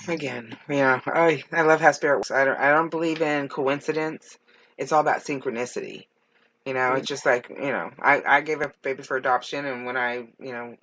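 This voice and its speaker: A woman's voice: very deep voice, lo-fi sound. A woman hosting as a psychic medium, giving spiritual guidance with many fillers. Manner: warm, speaks with lots of fillers.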